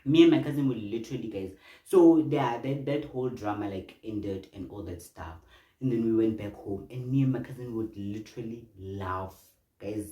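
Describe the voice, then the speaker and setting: A young man telling an animated storytime vlog, breaking off often to address his viewers. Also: fairly low pitch, moderate pace, lo-fi sound. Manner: animated, exclamatory, chatty asides to viewers. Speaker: vlogger. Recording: roomy room with faint noise.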